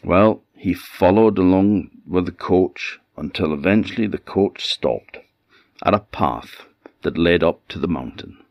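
A man with a Scottish Orkney accent telling a folktale in an expressive, unhurried way. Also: low voice, no echo, clean studio sound. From Orkney Islands, Scotland. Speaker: storyteller. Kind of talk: folktale storytelling.

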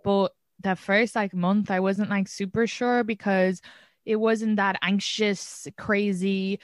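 A woman's voice: mid-range voice, steady tone, takes it slowly, dry recording. Chatty Irish woman hosting a podcast. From Ireland. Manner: chatty, rambling, full of "like". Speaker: podcast host. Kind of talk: casual chat.

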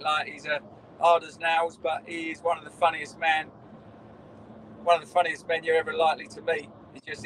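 A man's voice: on the high side, a bit bright, slight background noise, rough recording. A middle-aged man, a former footballer telling rambling stories in a casual interview. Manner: rambling storyteller, restarts, swears in quotes.

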